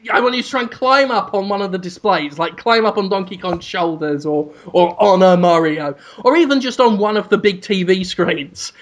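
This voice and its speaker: A man co-hosting a podcast, telling a sweary comic story with shouted mock proclamations. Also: sits high, normal speed, few pauses. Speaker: podcast co-host. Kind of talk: casual comedic storytelling.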